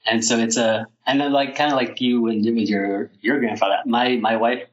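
A man speaking as a podcast guest about his book, halting and reflective with many restarts. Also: medium pitch, steady tone, muffled recording. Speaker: author guest. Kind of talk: podcast interview.

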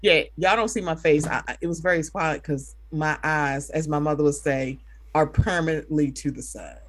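A woman's voice: deep voice, moderate pace. A woman hosting a casual podcast, playful and laughing, swearing freely and slipping into silly voices. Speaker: podcast host.

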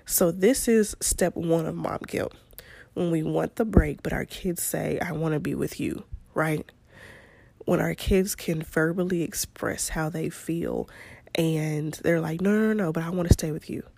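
A woman, talking to her listeners in a chatty, laughing way. Her voice sits low and has a gravelly fry. The sound is dry and close. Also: a little slow, warm tone, no echo. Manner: chatty, laughs often, Southern-style "y'all". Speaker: podcast host. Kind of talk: casual storytelling monologue.

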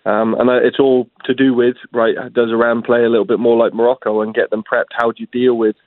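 A man phoning in to a sports radio show, rattling along fast with constant restarts. He comes through a tinny phone line that sounds dry. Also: mid-range voice, level tone, dry recording. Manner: rapid, halting, many restarts. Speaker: soccer player calling in.

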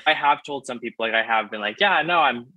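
A man's voice: on the high side, very animated, normal speed, sharp tone, poor audio. A young man calling in to an advice show, rambling with lots of fillers. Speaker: caller. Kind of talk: casual phone-in chat.

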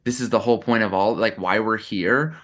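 A man's voice: on the low side, a little fast, a bit bright. Chatty man on a podcast, musing aloud. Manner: reflective, talks in bursts with lots of "like" and restarts. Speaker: podcast guest, content creator. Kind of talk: casual podcast chat.

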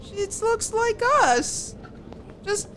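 Woman putting on a squeaky earnest little gnome girl. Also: big pitch swings, extremely slow, soft background music, exaggerated voice. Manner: earnest, pleading, argumentative. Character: small young female gnome, soft-hearted and pleading. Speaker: player.

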